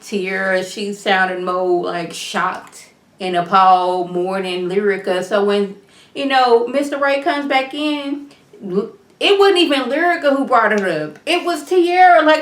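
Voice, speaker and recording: A woman chatting through a reality TV episode recap, her voice bouncing around a roomy, echoey space. She rattles along quickly and slips into the characters' lines as she retells the scenes, like she's filling in a friend. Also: mid-range voice, expressive, a bit bright. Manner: talks fast at times. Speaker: reality TV reviewer. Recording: roomy echo.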